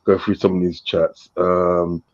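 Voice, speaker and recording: Man, low voice, laughing often, reading chat shout-outs, casual live host. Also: level tone, a little slow, dull audio.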